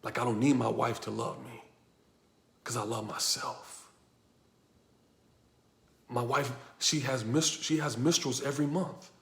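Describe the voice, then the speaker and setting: A man coaching on personal growth in a forceful, preaching style, firing off rhetorical questions and repeating his points. His voice sits at an ordinary middle pitch. The room around him is echoey. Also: steady tone, unhurried, vocal fry, pauses often. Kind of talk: motivational teaching talk.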